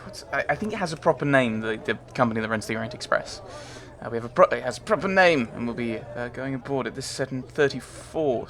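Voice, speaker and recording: A man's voice: mid-range voice, fairly bright tone. A man giving casual commentary on his gameplay, rambling and chatty, often mocking himself. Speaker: let's play host.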